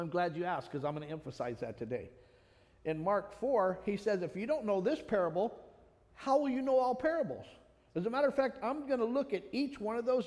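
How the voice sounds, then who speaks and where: Male preacher, high voice, earnest scripture teaching, long hall reverb. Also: darkish tone. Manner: earnest preaching, reads scripture aloud and names listeners. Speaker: pastor. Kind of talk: sermon.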